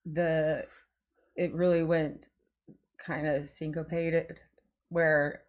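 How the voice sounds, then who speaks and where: A woman guest musician in a casual music reaction chat, agreeable and quick to affirm. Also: deep voice, flat delivery. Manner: agreeable, frequent short affirmations.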